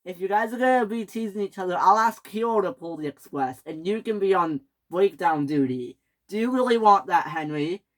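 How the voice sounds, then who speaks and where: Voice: mid-range voice, animated, moderate pace, voice pushed up, close to an everyday voice, low-quality recording. A performer voicing a stern railway boss who scolds his engines, in a toy train story.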